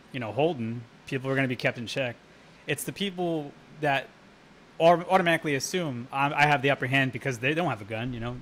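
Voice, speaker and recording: A man's voice: medium pitch, a bit bright, slight background noise. A man chatting casually on a live brewing stream, rambling and swearing freely as he tells stories and answers chat. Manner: rambling, profane, laughs while telling stories.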